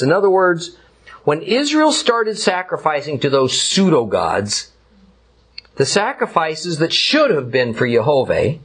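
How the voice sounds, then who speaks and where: A male Bible teacher works through scripture verse by verse in a deliberate, emphatic way. His delivery is slow and unhurried, and his pitch moves in lively swings. The voice carries a husky grain.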